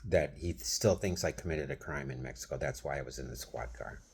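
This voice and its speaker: A man in his thirties talks straight to camera in a loose, rambling vent, speaking to someone who isn't there. His voice sits low and has a husky, rough edge. Every so often he drops into a hushed whisper before picking up again. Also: a little fast. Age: 30s. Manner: rambling, addresses someone absent, slips into whispered asides. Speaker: vlogger. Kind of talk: venting monologue to camera.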